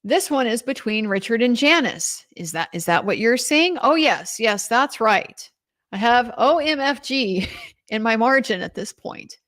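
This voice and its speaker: Her pitch fairly high and her pace a little slow, this woman is a legal commentator giving a lively recap of courtroom testimony, quoting the participants in her own voice.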